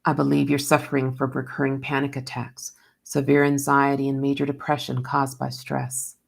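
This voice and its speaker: A woman reading the lines of a calm male doctor, speaking in a measured, soft way. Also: very deep voice, creaky, pitched below the performer's own voice, heavily acted.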